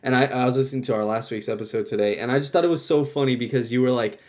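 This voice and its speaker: A young man co-hosting a podcast with a voice of ordinary pitch. He talks with lively energy, curses casually, and jumps into loud, fired-up rants. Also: very fast. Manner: animated, swears freely, flares into loud outbursts. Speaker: podcast co-host. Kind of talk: casual chat.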